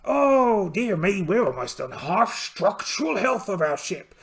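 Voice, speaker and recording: A man's voice: high-pitched, big pitch swings, measured pace, vocal fry, full character voice. A man voicing a polite, boastful one-eyed pirate captain in a solo tabletop game, theatrical and full of exclamations. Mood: hearty. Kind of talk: in-character solo game narration.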